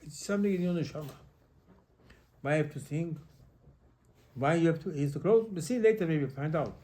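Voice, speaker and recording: A man, a rabbi, giving an animated Torah lesson in halting English with many repetitions. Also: on the high side. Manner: animated, repetitive, non-native English phrasing.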